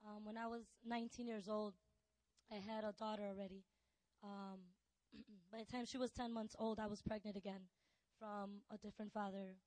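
A woman telling a personal testimony, soft and hesitant with many fillers, turning intense. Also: medium pitch, no room sound, rough recording. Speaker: testimony speaker.

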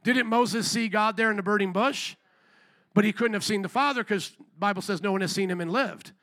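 A man preaching a sermon with fervent call-and-response, pressing his listeners and at times shouting. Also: high-pitched, fairly quick, dry recording. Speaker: pastor.

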